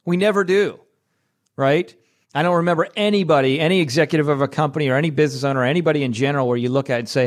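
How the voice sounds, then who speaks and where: A man's voice: a little high, very fast. A man, hosting a show and telling a personal faith story in a casual, chatty way, often checking in with "right?". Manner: chatty and conversational, with tag questions and laughs. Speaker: podcast host.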